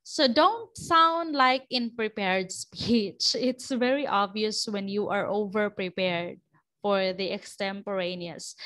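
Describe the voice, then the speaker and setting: A female teacher lectures in a classroom, walking through material step by step while often restarting and checking in with "okay." Her voice is mid-range and slightly bright.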